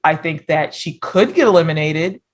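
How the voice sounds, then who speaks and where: A woman's voice: deep voice, normal speed. A woman co-hosting a casual reaction podcast, talking it through thoughtfully and often checking in with "you know what I mean". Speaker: podcast co-host.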